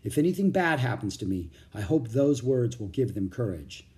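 A grave army captain who gives firm orders and weighty requests. A man reading the story puts him on. His voice is dark and mellow, and it rises and falls with feeling. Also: mid-range voice, sing-song, moderate pace, natural voice. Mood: solemn. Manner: stern, ordering. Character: stern, solemn soldier captain, grown man. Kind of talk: audiobook character voice.

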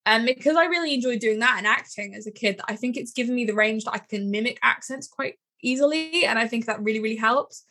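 A woman's voice: on the high side, fast, hardly any pauses, sharp tone. A young British woman with a British accent chatting casually as co-host. She talks in a rambling way, full of "like" and fillers. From United Kingdom. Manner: chatty, rambling, many likes. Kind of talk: casual chat.

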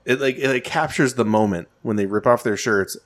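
A man's voice: mid-range voice, brisk. A man co-hosting a podcast in loose casual chat, swearing often and breaking into laughter. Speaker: podcast co-host.

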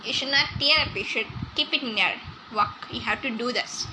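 A woman voicing a kindly old grandmother who lectures slowly and repeats her advice. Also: fairly high pitch, noisy background, close to an everyday voice. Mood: earnest advice. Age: older.

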